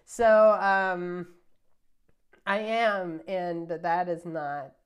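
A woman with a fairly low-pitched voice talks as a podcast guest. She rambles through her opinions in a loose, casual way and keeps dropping filler words between her points. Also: fairly even intonation, drawn-out words, smooth.

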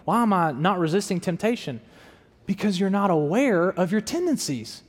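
Young male pastor, fairly high voice, casual preaching style, live church-hall reverb. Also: lively intonation, normal speed, breathy edge. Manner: conversational preaching, acts out quoted self-talk. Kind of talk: sermon.

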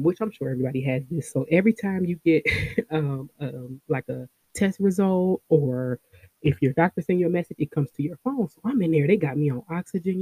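A woman in her thirties hosting a podcast, telling a personal story in a casual, animated way and talking straight to her listeners. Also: deep voice, husky, no echo. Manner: animated, talks straight to listeners, laughs often. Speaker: podcast host.

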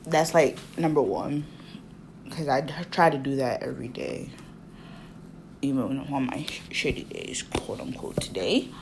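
A woman's voice: very deep voice, animated, measured pace, gravelly, background noise. A woman in her twenties telling a personal story in a casual, chatty way, full of fillers and asides. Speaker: vlogger.

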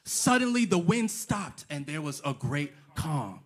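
Delivering his sermon a little slowly, this man speaks in a sing-song voice on the high side. As a pastor, he repeats himself for emphasis, throws out rhetorical questions, and works in casual slang.

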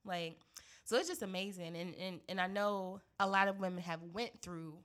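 A woman's voice: on the low side, normal speed, a bit bright. A woman co-hosting a casual chat, telling a personal story with lots of animation and slang, acting out quoted voices and laughing often. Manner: casual American slang, says y'all and girl.

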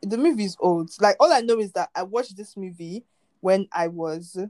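A woman, co-hosting a casual chat, lively and quick to scold playfully. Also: medium pitch. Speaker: podcast co-host.

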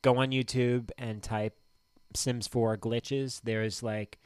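A man's voice: mid-range voice, flat delivery, slow, darkish tone, clear, resonant tone, dry recording. A man co-hosting a podcast, chatting casually in a rambling, hesitant way and swearing now and then. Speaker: podcast co-host. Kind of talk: casual chat.

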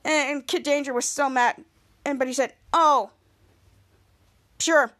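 A woman with a high voice casually recaps a TV episode on her podcast. She retells the scenes in long chains of "and then," and often breaks off to restart a sentence. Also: steady tone, moderate pace. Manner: retells scenes with frequent restarts and quoted lines. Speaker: podcast host.

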